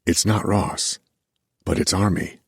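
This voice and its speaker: A male audiobook narrator voicing a shaken young musician who speaks in a hushed, hesitant way. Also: deep voice, fairly even intonation, slow pace, husky, no echo, studio quality, pitched above the performer's own voice, heavily acted. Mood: uneasy.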